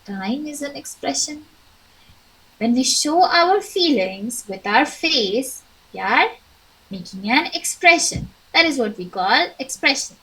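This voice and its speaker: Slow, clear speech marks this young woman's online English teaching, delivered in an Indian English accent with encouraging, acted examples. She has a high, expressive, slightly bright voice, heard in a rough recording.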